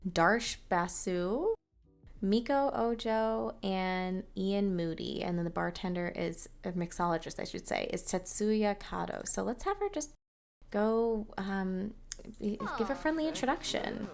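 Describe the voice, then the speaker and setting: A woman's voice: mid-range voice, measured pace, gravelly. A woman hosting a let's play, chatting casually as she narrates her game with fillers and small laughs. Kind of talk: casual gameplay commentary. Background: game music.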